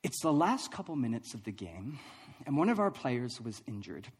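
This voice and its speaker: A man preaching a sermon, telling a funny personal story with lively, self-deprecating delivery and frequent laughs. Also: mid-range voice, normal speed, slightly rough, long reverb tail. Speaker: pastor.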